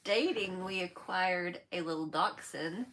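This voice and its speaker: A chatty woman co-hosting a casual home livestream. She talks in a friendly, relaxed way and laughs often. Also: on the low side, measured pace, low-quality recording. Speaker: livestream co-host. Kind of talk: casual chat. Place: porch at home.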